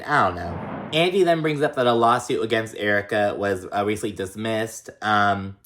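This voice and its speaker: A man's voice: lowish voice, a bit bright. Sassy, profane man recapping reality TV. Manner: chatty, profane, filler-heavy with lots of likes and ums; sassy, exasperated asides. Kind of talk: casual recap commentary.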